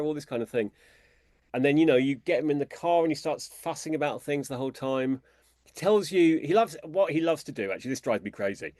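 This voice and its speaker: A British man, an author guest in an interview, who tells lively anecdotes and talks in a chatty, conversational way. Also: brisk, no echo, clean studio sound. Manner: animated storyteller, imitates people in a high voice.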